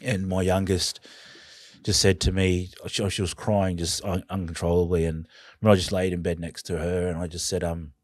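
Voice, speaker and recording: A man with an Australian accent and a very low voice speaks as a podcast guest. He tells his own story in an earnest, halting way, heavy with feeling, and the sound is close and dry with no room around it. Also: level tone, dry recording. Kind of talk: personal storytelling in conversation.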